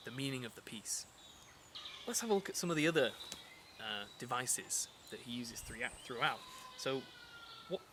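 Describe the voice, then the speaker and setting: A man's voice: medium pitch, background noise. Man, teacher, casual lesson, chatty, lots of fillers and restarts, birds and insects in the background.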